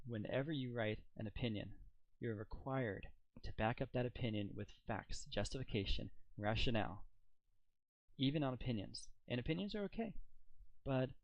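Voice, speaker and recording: A man's voice: medium pitch, no echo, muffled recording. A man giving casual video commentary, rambling with fillers and mocking rhetorical questions. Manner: incredulous and mocking. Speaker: political commentator.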